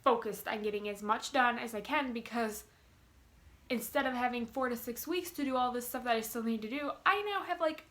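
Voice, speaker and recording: Bubbly, bright-voiced young woman. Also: on the high side, brisk. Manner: bubbly, gushing, many fillers. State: giddy with excitement. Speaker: vlogger. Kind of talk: casual chat to camera.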